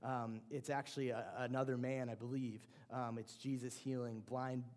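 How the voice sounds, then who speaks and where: A man preaches in a relaxed, conversational way and often restarts his phrases. His voice sits in a mid register with a mellow, warm tone. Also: medium pitch, moderate pace. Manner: conversational, with frequent restarts and fillers. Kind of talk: sermon.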